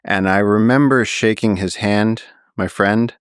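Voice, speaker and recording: A man's voice: fairly low pitch, unhurried, clean tone, no room sound, clean studio sound. A man, a naturalist guest on a podcast, vividly telling a story and acting out the quotes. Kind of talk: storytelling in a long-form interview.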